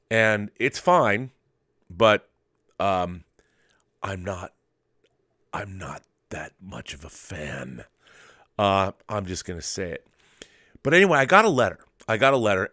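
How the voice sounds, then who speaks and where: A middle-aged man hosts a casual late-night monologue from his home studio, rambling and restarting his sentences often. His voice is fairly low and fairly bright with no room sound, and he drops to a murmur when talking to his dog.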